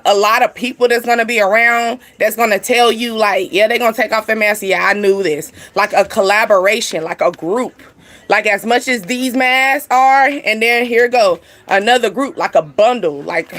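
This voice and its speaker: A woman's voice: fairly high pitch, a bit bright. Chatty woman doing a rambling card reading. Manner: rambling, chatty, heavy use of "like" and "you know". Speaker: tarot card reader. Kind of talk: casual spiritual reading to camera.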